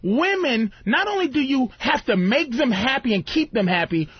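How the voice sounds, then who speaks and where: High-voiced husky man, lively and profane. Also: normal speed, no echo. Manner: profane, animated storytelling with acted-out quotes. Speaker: guest comedian. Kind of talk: radio show talk. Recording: lo-fi radio broadcast.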